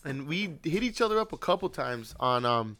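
A man's voice: fairly high pitch, big pitch swings, normal speed, bright, forceful tone. A young man and podcast host telling a long, rambling, profane story in casual chat.

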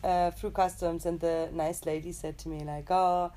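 A woman's voice: low-pitched, flat delivery, normal speed, dark tone, slight background noise. A young woman from Germany, telling a story in casual chat with her partner, laughing often. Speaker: co-host.

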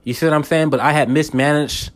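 A man's voice: fairly high pitch, steady tone, a little fast. Man in a rambling faith monologue. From United States. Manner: rambling, repeats words, checks in with listeners. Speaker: podcast host. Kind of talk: casual faith podcast monologue.

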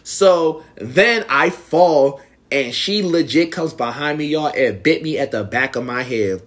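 A man's voice: a little high, unhurried. A young man casually telling a personal story to viewers, acting out the quoted lines in a raised voice. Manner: animated, acts out quotes in raised voice.

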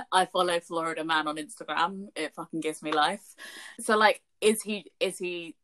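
A woman co-hosting a casual chat, teasing and reacting quickly, swearing freely. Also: fairly low pitch, steady tone, bright, forceful tone.

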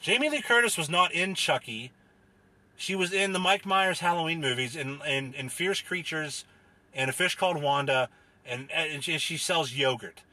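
A man moderates a comedy panel, deadpan and exasperated, and swears freely as he pushes things along. His voice sits lower and flatter than his characters'. The sound is dry and close, with no room around it. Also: moderate pace, no echo.

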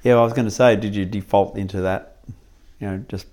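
A man's voice: on the low side, steady tone, fairly quick, darkish tone. A man interviewing a relative, asking short and casual follow-up questions.

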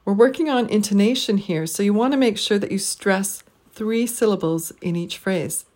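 A woman recording a pronunciation lesson, explaining stress and intonation and reading short model phrases slowly and clearly for learners to repeat. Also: mid-range voice, darkish tone. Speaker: pronunciation teacher. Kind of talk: slow, deliberate language lesson recording.

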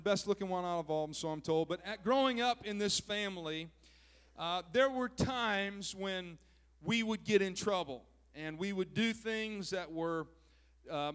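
A man's voice: high voice, a bit bright, smooth. A pastor from southern Minnesota preaching a folksy, joking sermon that he peppers with "praise God" and "amen.".

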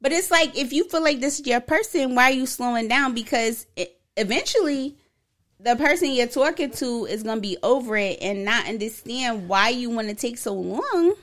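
A woman co-hosting a relaxed podcast, her voice a little higher than usual. She thinks aloud, reasons her way through points and puts questions to her partner. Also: moderate pace. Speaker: podcast co-host. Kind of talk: casual podcast chat.

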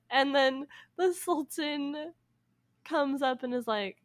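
A young woman with a high-sitting voice, recorded dry, shares a folk tale with a friend in casual conversation. Laughter comes often, and she briefly performs the characters in quick voices.

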